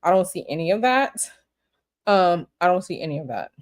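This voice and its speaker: Blunt, animated woman tarot reader. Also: on the low side, moderate pace. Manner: blunt, animated, repeats herself. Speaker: tarot reader answering viewer questions. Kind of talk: casual livestream chat.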